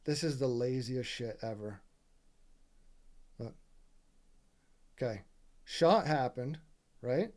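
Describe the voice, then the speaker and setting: Mellow-voiced man, casual gaming commentary, heated and profane, keeps asking the viewer to agree. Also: mid-range voice, slow pace, pauses often. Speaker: gaming video creator. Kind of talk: casual commentary over gameplay footage.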